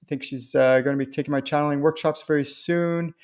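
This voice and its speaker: A man hosting a live stream on spiritual topics, talking in a chatty, reassuring way and acting out quoted voices with lively jumps. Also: on the high side, a little fast. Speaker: host and spiritual channeler. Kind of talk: live-stream talk answering viewer questions.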